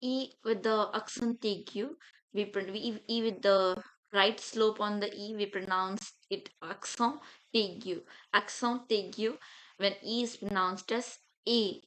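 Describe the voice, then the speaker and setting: A woman teaching beginners, speaking slowly and deliberately as she pronounces each letter. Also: mid-range voice, steady tone, fairly bright tone, clean tone, low-quality recording. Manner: slow, deliberate letter-by-letter pronunciation. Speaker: French teacher. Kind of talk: beginner language lesson.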